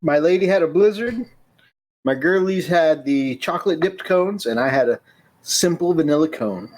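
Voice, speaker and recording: A man's voice: a little high, expressive, normal speed, darkish tone. A man hosting a hobby live stream, reading viewer comments aloud and laughing often in casual chat.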